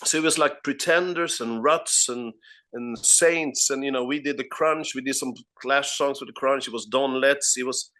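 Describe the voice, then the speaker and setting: A Swedish man, a guest musician, telling animated anecdotes in a casual remote interview, restarting his sentences and laughing often. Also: mid-range voice, moderate pace. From Sweden.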